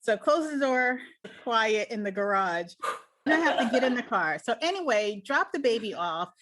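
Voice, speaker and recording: Woman chatting, tells a story with lots of voices, kinda high pitched. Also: moderate pace, noisy background. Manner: animated, acts out quotes in higher voice. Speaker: podcast guest. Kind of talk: casual storytelling chat.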